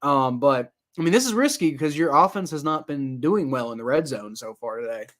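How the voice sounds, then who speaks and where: A young man giving casual live play-by-play reaction to a football game, rambling with many fillers and getting loud and exasperated at times. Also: mid-range voice, animated, fairly quick. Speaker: sports reaction streamer.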